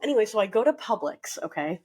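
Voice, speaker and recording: A woman co-hosting a podcast, telling a story in a chatty, animated way with plenty of fillers. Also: mid-range voice, quick pace, slightly rough. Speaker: podcast co-host. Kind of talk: casual storytelling chat.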